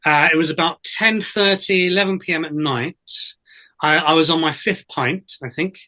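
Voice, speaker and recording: A man's voice: on the high side, moderate pace, pushed and bright. A man, a guest actor and voiceover artist, telling stories in a casual interview, chatty, with many fillers and restarts.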